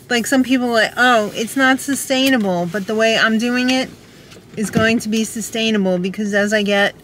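A young adult woman giving a casual, chatty vlog update, upbeat and quick to laugh. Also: medium pitch, a bit bright, a little hiss or hum. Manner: chatty, upbeat, laughs often, many fillers and restarts. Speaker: vlogger host.

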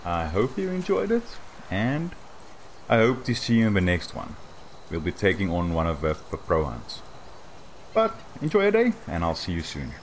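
A man casually commenting on his hunting game in a soft, slightly awkward, rambling way. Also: sits low, wildly swooping pitch, moderate pace, slight background noise. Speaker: gaming channel host.

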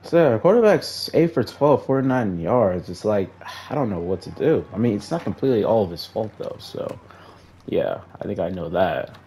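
Young gaming commentator, male, deep and dark-toned, frustrated running play-by-play of his own match. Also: normal speed, slight background noise. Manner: frustrated, talks to players on screen, flat sighs between outbursts. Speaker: gaming YouTuber. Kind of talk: casual gameplay commentary.

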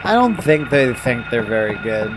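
A man's voice: mid-range voice, sing-song, moderate pace, noisy background. A man joking and rambling in casual commentary while playing a video game. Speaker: let's play commentator.

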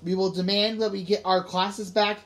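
A woman's voice: mid-range voice, flat delivery, moderate pace, lightly acted. A woman voicing an earnest, odd schoolboy who speaks solemnly, in an audiobook reading.

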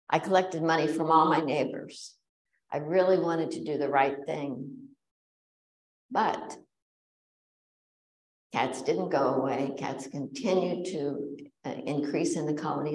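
A woman giving a public talk to a bird society, earnest and conversational, mixing facts with personal stories and pausing on fillers. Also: sits low, darkish tone. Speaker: guest speaker at a bird society meeting. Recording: roomy echo.

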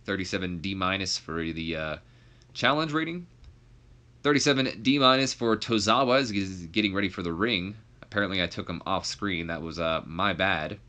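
A young man casually commenting on his wrestling simulation game and joking with his viewers, sometimes leaping high in exasperation. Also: normal speed, sharp tone. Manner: laid-back, jokey, swings up high when exasperated. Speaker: YouTuber playing a wrestling sim.

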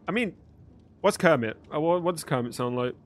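A man's voice: on the high side, lively intonation, moderate pace, slight background noise. A young man chatting live with his viewers while gaming, joking and swearing freely. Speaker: livestreamer. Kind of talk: live gaming stream chat.

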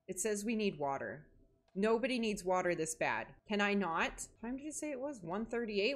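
A woman's voice: medium pitch, expressive, moderate pace. A young woman hosting a horror game playthrough, joking and reacting dramatically as she plays. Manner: jokey, dramatic, talks to herself and the game. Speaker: gaming video host.

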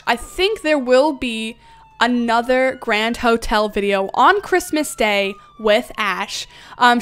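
A woman's voice: a little high, a bit bright, clean tone. Giggly, bubbly young woman streamer. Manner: giggly, bubbly, chatty, reads chat aloud; usually talks fast. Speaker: game livestreamer. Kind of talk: casual livestream chat while gaming.

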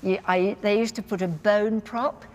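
A woman with a Cockney accent, a presenter telling an animated anecdote in casual chat. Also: medium pitch, normal speed. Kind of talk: travel show chat.

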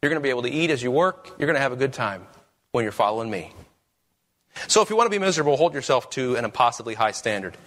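A man's voice: mid-range voice, animated, quick pace, a bit bright. A man preaching a sermon as pastor, with emphatic, rising questions.

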